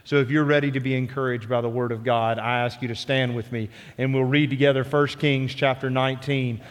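A man's voice: mid-range voice, little pitch movement, fairly quick. A male pastor preaching a sermon in a church, earnest and building on repeated phrases. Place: church sanctuary. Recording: long church reverb.

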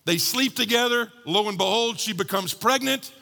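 A man preaching a sermon, telling a story with lively quoted voices and shifting from bold to hushed. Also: high-pitched, moderate pace, creaky, in a large hall. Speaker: pastor.

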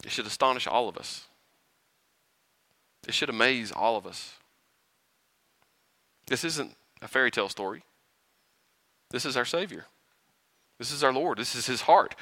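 Animated preacher with a bright voice. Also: male voice, mid-range voice, measured pace, long pauses, no echo, studio quality. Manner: animated, chuckles often, uses rhetorical questions. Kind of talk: sermon.

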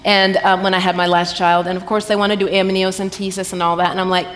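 Speaking quickly in a flat delivery, a woman with a mid-range, fairly bright voice and a Southern American accent gives her testimony as a guest at a church women's gathering. She quotes scripture, laughs readily, and speaks from the heart, with the reverberant hall carrying faint background noise.

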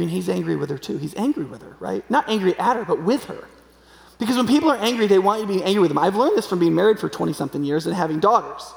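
A man in his forties preaching a conversational sermon, often checking in with "right?" and acting out quoted voices. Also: gravelly. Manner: conversational, keeps asking "right?"; acts out quoted voices with sudden pitch jumps. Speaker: pastor. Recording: echoey hall with long reverb.

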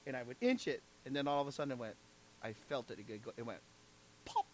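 A man's voice: mid-range voice, fast talker, slight background noise. A man preaching a sermon as pastor, emphatic, often asking the congregation "right?" and "amen?".

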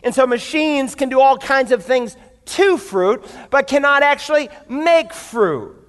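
High-voiced preacher telling a story. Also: male voice, animated, unhurried, fairly bright tone, smooth, long reverb tail. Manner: storytelling, addresses the congregation. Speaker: pastor. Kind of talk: sermon. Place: church before a live congregation.

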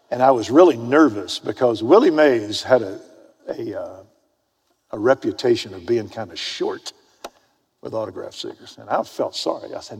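Male preacher, husky voice, storytelling sermon, swings between loud emphasis and near-whispers, big reverberant hall. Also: lowish voice, lively intonation, moderate pace. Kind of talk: sermon with personal anecdote. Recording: long reverb of a large hall.

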